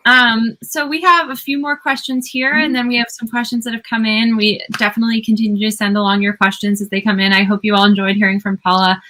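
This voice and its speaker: A woman's voice: fairly high pitch, flat delivery, quick pace, few pauses, sharp tone. A woman moderating a video panel, chatting in an upbeat way and passing along questions.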